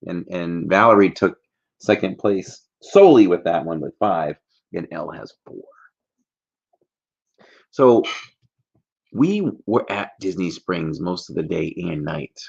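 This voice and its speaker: A man's voice: sits low, expressive, slow pace, gravelly, pauses often, darkish tone, husky, dull audio. A man hosting a casual trivia livestream, chatty and jokey, rambling between questions.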